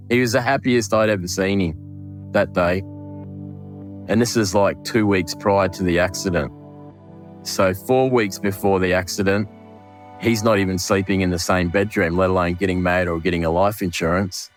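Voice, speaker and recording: An Australian butcher recounting a late coworker in an emotional interview, with halting restarts and acted-out dialogue. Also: male voice, low-pitched, steady tone, faint music behind. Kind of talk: interview recollection.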